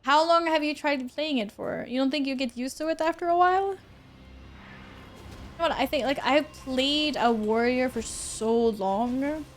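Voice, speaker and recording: A woman's voice: high voice, moderate pace, a little hiss or hum. A woman livestreaming a game, chatting casually with viewers, thanking tippers and reacting expressively. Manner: expressive, often laughing. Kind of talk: casual live-stream chat with viewers. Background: in-game music.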